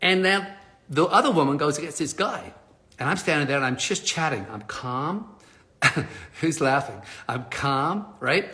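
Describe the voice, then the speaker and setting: Man, fairly high and bright voice, lively live-stream storyteller with laughs and casual swearing. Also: unhurried. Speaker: motivational speaker.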